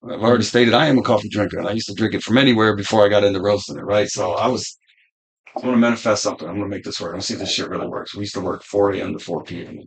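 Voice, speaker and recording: A man in his fifties with a low voice full of gravel and a husky edge. He talks as a podcast guest in a loose, rambling way, swearing often as he turns over big questions. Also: fairly even intonation, very fast. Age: 50s. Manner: laid-back, heavy swearing, rambling musings. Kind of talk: casual conversation, philosophical storytelling.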